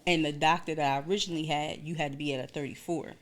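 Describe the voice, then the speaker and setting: A young woman chats casually on a podcast and tells her story with lively energy, slipping into other people's voices when she quotes them. Her voice sits a little low for a woman. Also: fast. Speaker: podcast co-host. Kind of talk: casual chat.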